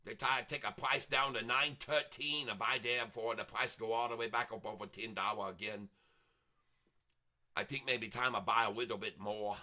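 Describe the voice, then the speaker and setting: A man's voice: on the low side, steady tone, normal speed, bright, forceful tone, voice pushed down. A man doing a cheerful put-on voice with broken English grammar and frequent giggles during a live stream. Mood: gleeful.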